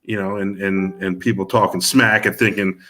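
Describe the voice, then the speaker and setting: A man's voice: low-pitched, level tone, moderate pace, fairly bright tone. A middle-aged man, a music manager, talking in a casual interview and rambling with many restarts and fillers. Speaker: music manager and producer guest.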